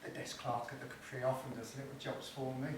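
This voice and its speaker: A man's voice: mid-range voice, monotone, fast, natural voice. A roguish old actor, as a man plays him, bluffs and chuckles his way out of trouble with mock French charm. The voice comes from far off across a very echoey hall, with some background noise. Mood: eager. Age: older. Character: old male actor posing as a Frenchman, sly ladies' man. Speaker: stage actor in an amateur play. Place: theatre stage.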